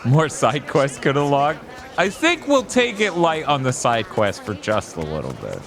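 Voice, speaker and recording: A man's voice: medium pitch, huge pitch swings, moderate pace. A man streaming a video game, rambling casually, swearing and joking as he plays. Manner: rambling, swears freely, jokes with chat. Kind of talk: casual gameplay commentary. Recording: voice over loud game music.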